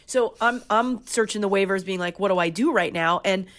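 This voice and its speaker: Emphatic woman talking fantasy football. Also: mid-range voice. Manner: emphatic, animated, quick opinions. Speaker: fantasy football podcast co-host. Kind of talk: casual sports chat.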